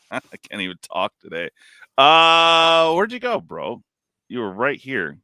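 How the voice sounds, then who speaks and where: A man chats on his live stream in a rambling, animated way. His voice is bright and clear, with a dry, close sound. His pitch swings widely as he talks. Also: slow, no echo. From California. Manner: rambling, animated, lots of "like" and "dude". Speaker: stream host. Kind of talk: casual live-stream chat.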